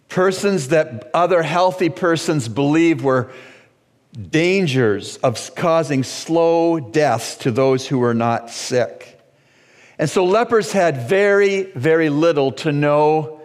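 Slow Bahamian pastor preaching in a reverberant church. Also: male voice, medium pitch. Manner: slow, deliberate preaching with dramatic pauses and shouted quotes. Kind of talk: sermon. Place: church sanctuary.

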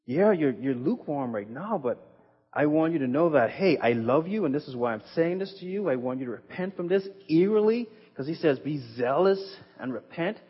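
Husky-voiced man preaching in an echoey hall. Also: a little high, expressive, normal speed. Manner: earnest, emphatic scripture reading with conversational asides. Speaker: pastor. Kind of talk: sermon. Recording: echoey hall, muffled sound.

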